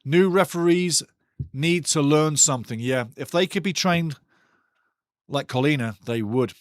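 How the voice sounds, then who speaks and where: A man's voice: a little high, a little slow, dry recording, studio quality. A man hosting a live football watchalong, talking passionately and ranting about refereeing calls in a chatty way. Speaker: watchalong host.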